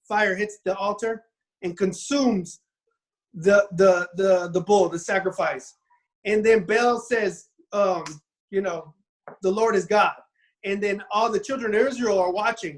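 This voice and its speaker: A man with a high, somewhat bright voice retells a Bible story during a loose, casual podcast chat. He rambles, stumbles, and restarts sentences, voicing the characters' lines in little quoted impressions.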